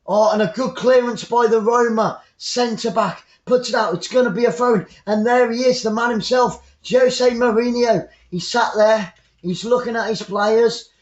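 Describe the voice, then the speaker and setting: A man with an English accent giving chatty, excitable live football commentary as a fan, rambling into asides to his viewers. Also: very high-pitched, normal speed, reverberant, dull audio.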